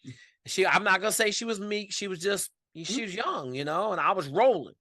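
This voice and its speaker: Forceful, emphatic man telling stories. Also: sits high, a little fast, no echo, studio quality. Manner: emphatic, colloquial, animated storyteller. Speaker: podcast guest. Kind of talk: casual storytelling interview.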